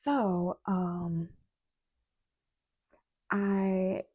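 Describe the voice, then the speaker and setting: A woman tarot reader chatting in a casual vlog, telling a story in an animated way with many asides. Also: medium pitch, drawn-out words, dry recording, dull audio.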